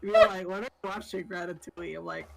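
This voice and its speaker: A bubbly guest chats on a stream, laughing often and tripping over their own sentences. The voice swoops lively up and down through a mid range. Soft music plays faintly behind. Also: medium pitch, fast, gravelly, poor audio. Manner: bubbly, laughs a lot, rambling and self-interrupting. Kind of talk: casual chat on a stream. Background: faint background music.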